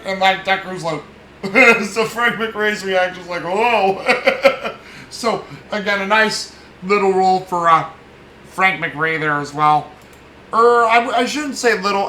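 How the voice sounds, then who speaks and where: A man's voice: high voice, pushed and bright, echoey room, a little hiss or hum, low-quality recording. A man hosting a casual film review, rambling and chuckling between frequent fillers and restarts. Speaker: film podcast host.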